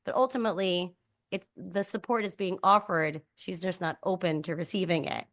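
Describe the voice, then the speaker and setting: A woman co-hosting a podcast, retelling a story in a lively, storytelling way. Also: on the low side, moderate pace. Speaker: podcast co-host. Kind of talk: reflective conversational podcast.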